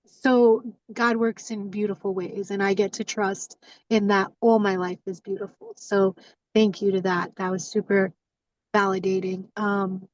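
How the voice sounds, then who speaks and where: A woman's voice: mid-range voice, unhurried, dry recording. Woman sharing on a dull, distant call. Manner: rambling, many fillers, animated self-talk. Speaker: community member sharing. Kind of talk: casual heartfelt sharing.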